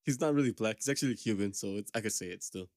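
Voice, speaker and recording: A man's voice: lowish voice, quick pace, a little mellow, no room sound, studio quality. A man co-hosting a podcast in casual chat, rambling through stories with lots of slang and swearing. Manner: rambling storyteller, heavy slang and swearing, laughs often. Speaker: podcast co-host.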